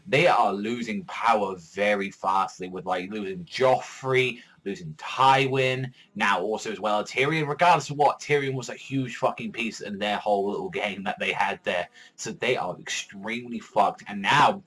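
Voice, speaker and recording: Excitable, swearing man reacting to TV. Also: medium pitch, moderate pace, low-quality recording. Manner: excitable and heavily profane, laughing often. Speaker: reaction vlogger. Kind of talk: casual fan reaction commentary.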